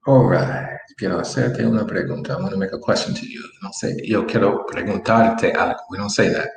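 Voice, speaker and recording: A man teaching a Spanish lesson in a relaxed way, repeating example phrases slowly as he writes them out. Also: lowish voice, gravelly. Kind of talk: online language lesson. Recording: echoey room with faint noise.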